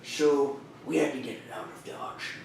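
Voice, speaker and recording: A man's voice: on the high side, steady tone, normal speed, vocal fry, a little mellow, a little hiss or hum, pitched below the performer's own voice. A man voicing a jovial, bored alien general who leads hunters, with a drawling, folksy Texan-tinged Sean Connery impression. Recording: echoey room, mic far off.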